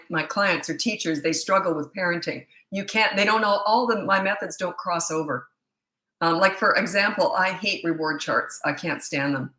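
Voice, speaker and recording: A woman's voice: lowish voice, pushed and bright, reverberant. A middle-aged woman parenting coach reading viewer questions and answering them in a blunt, opinionated, casual way.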